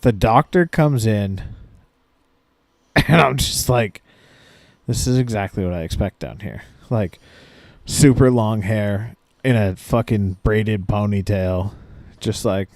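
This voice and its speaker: A man's voice: on the low side, slow pace, darkish tone, dry recording. Profane, laid-back man telling stories. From Maine, USA. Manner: profane, laid-back, acts out quotes with voices. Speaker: podcast co-host. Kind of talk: casual storytelling chat.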